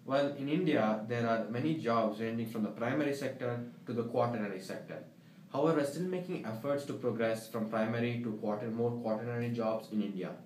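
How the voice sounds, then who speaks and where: A man's voice: medium pitch, a little fast, a little mellow, close to an everyday voice. Brief: young man as an eager, fact-reciting applicant, roomy sound. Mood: earnest. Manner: earnest, reciting facts in long runs. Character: earnest male job applicant Raj. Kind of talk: amateur comedy sketch acting. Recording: roomy, faint background noise.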